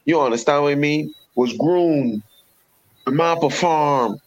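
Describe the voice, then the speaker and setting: Speaking a little slowly in a voice on the high side, a man from the Caribbean with a West Indian accent argues about cricket with heat and emphasis, repeating his points. He's a regular panelist in this sports debate, and the recording sounds dull and lo-fi.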